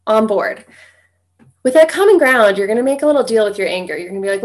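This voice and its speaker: A woman's voice: mid-range voice, animated, quick pace. A young adult woman working as a divorce coach, talking straight to her listeners in an easygoing way and checking in with "right?" as she goes. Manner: conversational, tags points with "right?". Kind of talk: direct-to-camera coaching talk.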